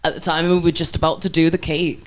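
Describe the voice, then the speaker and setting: A young adult co-hosting a podcast, telling a funny family story in quick, animated casual chat. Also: mid-range voice. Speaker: podcast co-host.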